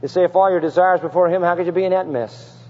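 Fervent preacher, slightly high male voice. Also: steady tone, racing, darkish tone. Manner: asks rhetorical questions and reads scripture with rising fervor. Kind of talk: sermon. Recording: reverberant, dull lo-fi sermon recording.

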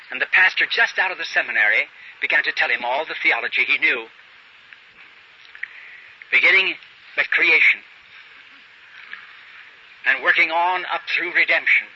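A man's voice: on the high side, bright, forceful tone. A man preaching a sermon, telling a story and acting out the characters' dialogue, on a dull lo-fi recording with faint hiss.

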